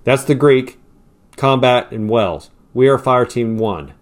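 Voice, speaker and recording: A man voicing a blunt, steady young Marine squad leader who gives commands with firm authority. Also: medium pitch, takes it slowly, natural voice. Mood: matter-of-fact.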